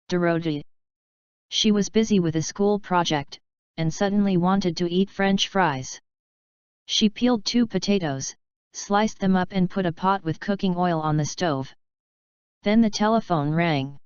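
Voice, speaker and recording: A woman reading English story passages aloud slowly and carefully, like a tutor. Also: lowish voice, clear, resonant tone, dry recording, highs cut off. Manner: careful, even read-aloud.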